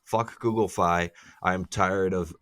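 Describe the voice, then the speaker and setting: A man's voice: sits low, takes it slowly, no echo, studio quality. A man co-hosting a podcast, chatting casually and ranting with plenty of swearing. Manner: profane, ranting, animated complaints. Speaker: podcast co-host. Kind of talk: casual chat.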